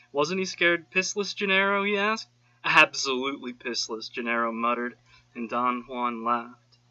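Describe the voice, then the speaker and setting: A man narrating a book, measured and steady, lifting his voice for quoted lines. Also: mid-range voice, highs cut off. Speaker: audiobook narrator. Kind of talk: scripted narration.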